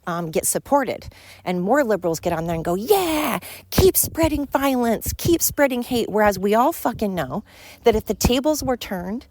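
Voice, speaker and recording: A middle-aged woman hosts her own podcast and delivers a heated opinion rant. Her voice sits a little low for a woman and is recorded close and dry, with no room sound. She swears freely and hammers points home by repeating words. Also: darkish tone, no echo. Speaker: podcast host.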